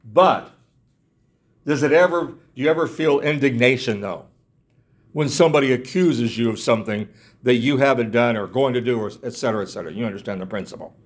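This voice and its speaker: A man's voice: medium pitch, fairly quick, slightly rough. A man preaching a sermon in an earnest way, repeating himself, restarting phrases and asking his listeners rhetorical questions.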